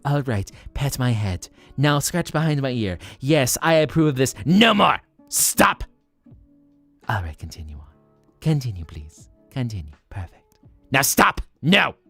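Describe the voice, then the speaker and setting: A man's voice: medium pitch, sing-song, measured pace, gravelly, pushed and bright, husky, dry recording, soft background music, heavily acted. A man voicing a demanding, pampered house cat that gives regal, bossy commands.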